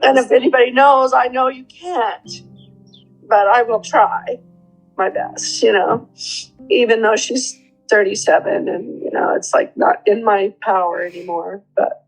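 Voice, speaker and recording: An older woman speaks in a therapy session, her voice sitting a little high. She talks earnestly and haltingly, close to tears. Faint music plays underneath. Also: slightly rough, poor audio. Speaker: mother of the host. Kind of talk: emotional conversation in therapy.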